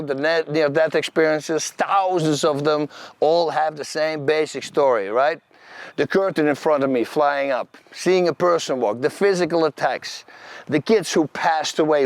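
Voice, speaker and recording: Animated Dutch man telling stories. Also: on the high side, no room sound. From Netherlands. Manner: animated, vivid, acts out scenes and quotes; loose, non-native grammar. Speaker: channel host. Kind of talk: personal storytelling monologue.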